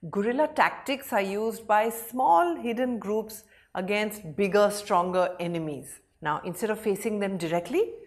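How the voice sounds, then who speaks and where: A young woman runs a vocabulary lesson. She explains each word lively and animated, talking with her hands. Her pitch sits at a middle level for a woman. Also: normal speed. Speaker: English vocabulary teacher.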